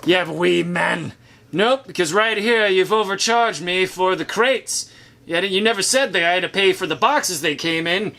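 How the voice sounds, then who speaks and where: A man's voice: high voice, moderate pace, creaky, sharp tone, pitched above the performer's own voice, heavily acted. A man playing a grumbling merchant who haggles over charges, in a put-on accent. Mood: haggling. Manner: put-on accent, laughing through it.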